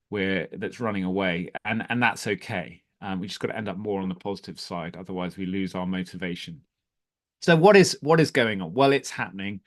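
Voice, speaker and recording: Low-voiced man giving a relaxed online talk. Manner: conversational, many ums and restarts, light humour. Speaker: webinar presenter. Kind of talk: live online talk, reading audience chat.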